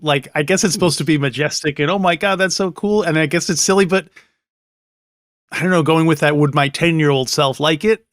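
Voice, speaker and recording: Higher-voiced man musing casually. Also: brisk, a bit bright, dry recording, studio quality. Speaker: guest commentator. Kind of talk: casual chat.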